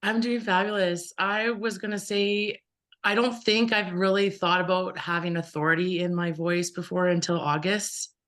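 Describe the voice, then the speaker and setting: A woman's voice: lowish voice, fairly even intonation, moderate pace, fairly bright tone. A woman taking part in an online workshop, speaking earnestly while still recovering from losing her voice. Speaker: workshop participant. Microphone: video call.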